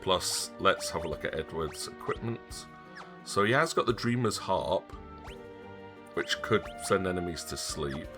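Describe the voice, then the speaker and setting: A man's voice: sits low, expressive, measured pace, music in the background. A man streaming a first playthrough of a game, chatting casually and joking with playful wordplay.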